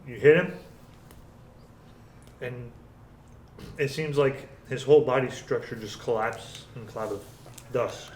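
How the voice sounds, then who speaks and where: A man running a tabletop game as game master, narrating and counting damage aloud in an unhurried way. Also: medium pitch, darkish tone, a little hiss or hum. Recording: roomy recording.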